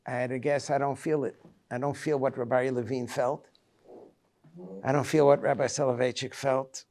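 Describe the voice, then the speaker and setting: Gravelly rabbi in his seventies. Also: mid-range voice, level tone, a little mellow. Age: 70s. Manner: halting, personal storytelling. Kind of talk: reflective Tisha B'Av lecture.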